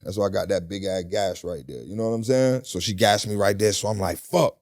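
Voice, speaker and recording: A middle-aged man in a casual interview, telling a story in animated, profane street talk and acting out the voices. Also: on the low side, fast. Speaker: guest.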